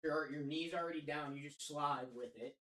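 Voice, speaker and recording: A man's voice: on the high side, steady tone, moderate pace, bright, forceful tone, roomy sound. A man chatting casually as co-host on a live stream, laid-back in manner.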